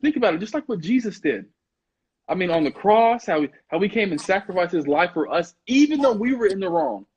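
Encouraging husky man, dull lo-fi sound. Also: high-pitched, expressive, brisk, a little mellow. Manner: encouraging call-and-response interjections. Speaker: co-host. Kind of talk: casual podcast conversation.

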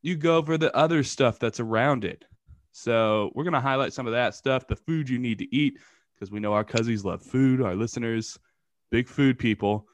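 A man co-hosting a casual podcast, rambling excitedly with lots of fillers. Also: mid-range voice, moderate pace, slight background noise. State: just woken up early. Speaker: podcast co-host. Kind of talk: casual chat.

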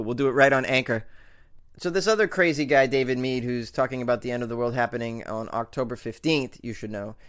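A man's voice: mid-range voice, a bit bright. A man hosting a comedic news podcast, reading odd stories in a joking, sarcastic way and laughing between lines.

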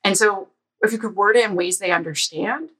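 A woman guest on a podcast, telling lively stories in casual conversation and acting out the dialogue as she goes. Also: mid-range voice, fairly quick, breathy edge, rough recording. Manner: lively anecdotes, acts out quoted dialogue. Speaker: podcast guest, security author. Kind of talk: casual storytelling interview. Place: lives in a Canadian province.

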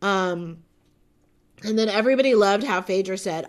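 A woman's voice: mid-range voice, lively intonation, unhurried, a bit bright. A woman hosting a casual recap of a reality show, chatty and gushing, full of fillers. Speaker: podcast host reviewing a reality show.

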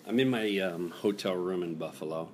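A man's voice: sits low, moderate pace. A middle-aged man hosting a casual chat in a hotel room, telling stories in a rambling, jokey way with lots of restarts. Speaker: podcast host. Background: construction noise.

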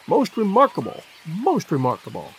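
A man's voice: sits high, huge pitch swings, moderate pace, a little hiss or hum. A man voicing an absent-minded, fussy old professor who mildly repeats himself in a storybook reading. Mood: dithering.

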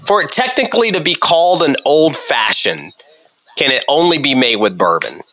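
Lively bright-voiced male host. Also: on the high side, moderate pace, low-quality recording. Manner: playful, teasing quizmaster. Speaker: podcast host. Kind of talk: casual quiz chat.

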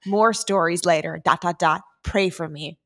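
Woman host, casual podcast chat, animated storyteller with a bright tone, laughs a lot. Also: fairly low pitch, moderate pace. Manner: reads texts aloud dramatically, laughing often.

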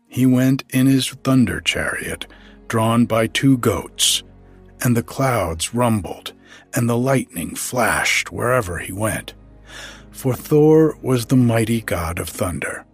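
A man narrating a storybook to the listener in an unhurried, gentle way. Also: mid-range voice, husky. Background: faint music.

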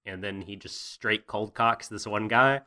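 A man's voice: on the low side, measured pace, sharp tone. A man co-hosting a casual anime recap, jokey, profane and rambling. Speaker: podcast co-host.

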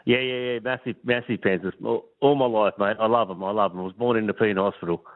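A man's voice: lowish voice, steady tone, quick pace, dry recording. A man calling in to a radio show, eager and repeating himself. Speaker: caller. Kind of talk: talkback phone call. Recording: tinny phone line.

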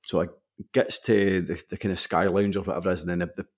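Scottish man, husky low voice, podcast co-host, animated storyteller. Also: fast. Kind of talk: casual podcast chat.

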